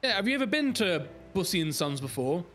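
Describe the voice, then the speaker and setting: Young man, high voice, excitable, very bouncy pitch. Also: a little fast, faint music behind. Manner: excitable, laughs a lot. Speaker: gamer. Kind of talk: casual gaming banter.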